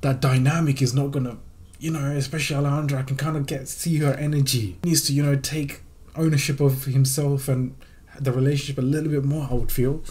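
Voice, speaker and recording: A man's voice: medium pitch, level tone, a little fast, darkish tone, slightly rough. A young man gives casual reaction commentary in an ordinary mid-range voice. He is candid and slangy, and he swears freely. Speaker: reaction video host.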